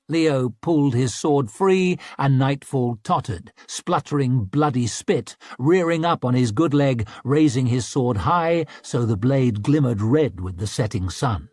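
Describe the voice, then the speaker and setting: A man reading a fantasy audiobook in a slow, measured, dramatic way. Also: medium pitch, a little mellow, slightly rough, no room sound, studio quality. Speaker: audiobook narrator. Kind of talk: scripted audiobook narration.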